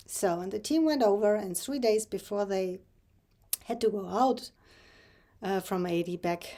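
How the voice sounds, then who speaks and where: Woman telling a halting faith story. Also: mid-range voice, mellow. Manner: halting, with many fillers and restarts; earnest, emotional storytelling. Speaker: Christian vlogger. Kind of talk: personal faith testimony.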